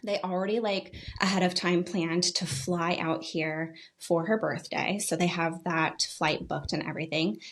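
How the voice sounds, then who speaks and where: A young woman co-hosting a parenting podcast, chatting excitedly about family news with lots of "like" fillers. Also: fairly low pitch, moderate pace, few pauses. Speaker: podcast co-host. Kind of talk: casual chat.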